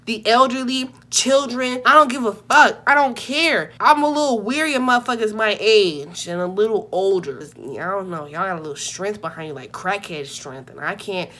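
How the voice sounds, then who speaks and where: A young woman vlogger telling a comedic story in a brash, profane and animated way. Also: a little high, moderate pace, hardly any pauses.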